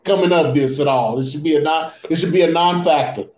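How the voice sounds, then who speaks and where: A man's voice: fairly high pitch, brisk, darkish tone. A man co-hosting a casual wrestling chat, laid-back, often repeating and restarting his phrases. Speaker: podcast co-host. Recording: muffled roomy lo-fi audio.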